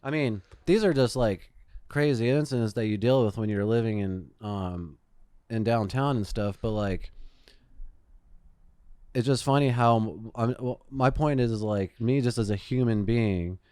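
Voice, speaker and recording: A man's voice: lowish voice, unhurried, dark tone, smooth, dry recording. Casual male podcast co-host, profane rambling storyteller, clean dry close-mic sound. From Phoenix, Arizona. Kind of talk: casual chat.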